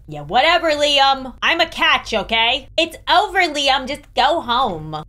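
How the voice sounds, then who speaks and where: Playful young woman with a lively voice. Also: on the high side, a little slow, few pauses. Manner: playful, self-mocking, with frequent laughs. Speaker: gaming YouTuber. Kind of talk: joking game commentary.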